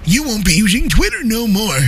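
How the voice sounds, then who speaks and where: A livestream co-host doing a comic put-on voice of an old man at a seniors' convention, drawn out slowly. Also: medium pitch, sing-song, a little hiss or hum. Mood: grumbling.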